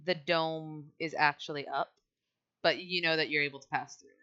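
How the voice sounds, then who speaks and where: Bright low-voiced woman game master. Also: fairly even intonation, moderate pace, dry recording, muffled recording. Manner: laughs often, casual narration. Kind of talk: narrating a tabletop game.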